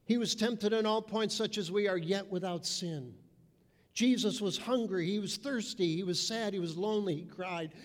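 A man's voice: high voice, normal speed. A man preaching a sermon with emphasis, mimicking people's voices. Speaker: pastor. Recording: reverberant hall.

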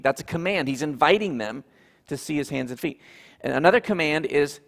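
Gravelly pastor preaching in a reverberant hall. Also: male voice, on the high side, a little fast. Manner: earnest teaching, repeats points for emphasis. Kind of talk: sermon.

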